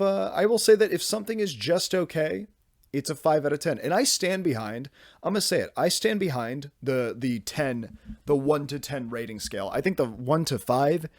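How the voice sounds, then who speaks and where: Young male podcast host, rambling animated solo chat, dry close-miked sound. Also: mid-range voice, no echo. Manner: rambling, animated, self-interrupting, swears casually. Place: home room at his desk.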